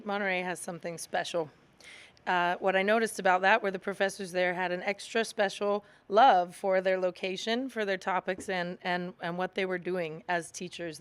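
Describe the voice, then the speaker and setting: A woman, a physical therapist, giving a measured, reflective endorsement of a local candidate. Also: mid-range voice, clear, resonant tone. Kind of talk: informal spoken endorsement.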